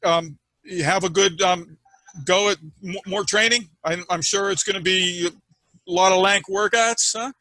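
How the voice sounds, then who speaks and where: A man interviewing a guest, asking halting questions and searching for words with many ums. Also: sits high, steady tone, pushed and bright, no echo, low-quality recording.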